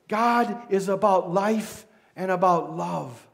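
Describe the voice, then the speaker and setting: A pastor with a Midwestern American accent preaching a sermon, retelling the story dramatically and voicing its figures. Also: male voice, high voice, animated, slow.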